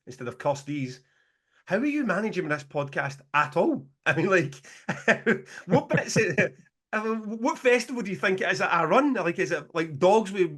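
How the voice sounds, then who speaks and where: A Scottish man chatting on a podcast with a fairly high voice. He tells stories with lots of energy, swears freely and keeps breaking into laughter. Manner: animated, sweary, laughing storyteller. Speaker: podcast co-host, promoter. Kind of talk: casual podcast chat.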